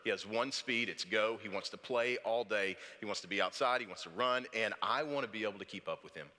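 A man's voice: lowish voice, brisk, bright, forceful tone. A man in his thirties preaching a sermon as pastor, telling stories with self-deprecating humor. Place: church service hall. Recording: preached in a hall with long reverb.

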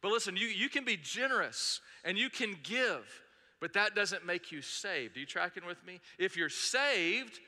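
A man's voice: high-pitched, pushed and bright. A middle-aged man preaching a sermon as pastor, earnest and storytelling, driving points home with emphatic repetition. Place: church sanctuary. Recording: long reverb of a large hall.

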